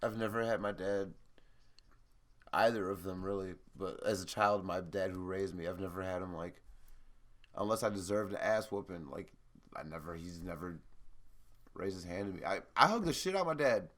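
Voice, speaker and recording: A young man co-hosting a podcast, telling profane stories animatedly with loud laughs. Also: sits low, normal speed. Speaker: podcast co-host. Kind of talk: casual chat.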